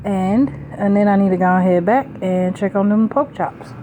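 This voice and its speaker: A young woman, hosting a cooking vlog in her home kitchen and chatting excitedly to her viewers. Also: mid-range voice, normal speed, a little hiss or hum, low-quality recording. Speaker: cooking channel host. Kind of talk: casual cooking vlog talk.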